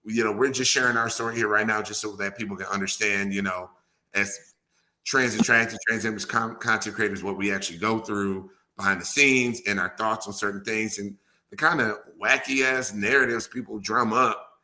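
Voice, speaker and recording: A man's voice: lowish voice, steady tone, moderate pace, pushed and bright. A man hosting a casual podcast chat, laid-back and laughing easily, with casual swearing. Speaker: podcast host.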